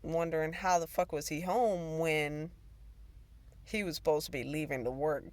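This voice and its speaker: Deep-voiced and darkish in tone, this woman speaks at a moderate pace with fairly even intonation, and there's no echo on the recording. As host of her own talk show, she tells a casual personal story that rambles, swears, and breaks into laughter.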